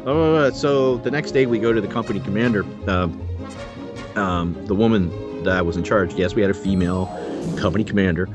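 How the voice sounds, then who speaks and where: Lively male storyteller, music underneath. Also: fairly low pitch, fast talker, muffled recording. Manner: animated anecdote teller acting out the voices in his story. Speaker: podcast co-host. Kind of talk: casual chat, storytelling.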